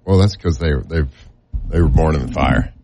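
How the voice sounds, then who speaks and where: A man co-hosting a sports radio show, bantering casually and reading ads with wry, drawn-out delivery. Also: extremely low pitch, mellow, a little hiss or hum.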